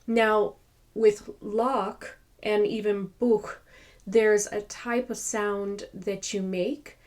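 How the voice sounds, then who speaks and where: A woman teaching pronunciation, repeating each sound slowly to demonstrate it. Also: mid-range voice, steady tone, darkish tone. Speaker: language teacher. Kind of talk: slow pronunciation lesson.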